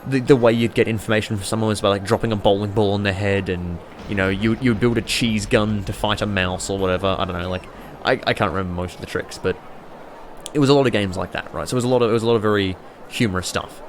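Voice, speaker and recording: A man rambling excitably and swearing freely as he chats casually over a city-building game. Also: on the low side, fast, a little hiss or hum. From Australia. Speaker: YouTuber playing a city-builder.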